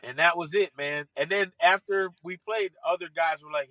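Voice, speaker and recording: High-voiced man telling animated stories. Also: normal speed, few pauses, dry recording. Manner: lively, acts out voices, laughs often. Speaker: guest telling a story. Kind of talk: animated storytelling.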